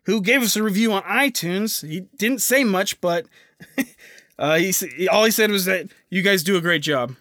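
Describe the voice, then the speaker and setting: A man's voice: high voice, moderate pace, pushed and bright, no echo, clean studio sound. A young man hosting a casual podcast, rambling with lots of fillers and restarts. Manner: rambling, filler-heavy, self-interrupting. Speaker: podcast host.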